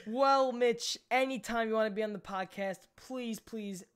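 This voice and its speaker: A man's voice: high-pitched, normal speed, a bit bright, smooth. A man hosting a live podcast in casual chat, rambling with frequent restarts and swearing. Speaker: podcast host.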